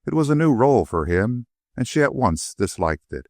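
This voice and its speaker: A man narrating an audiobook in an expressive, varied delivery on a close mic. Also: mid-range voice, moderate pace, dry recording. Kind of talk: scripted narration.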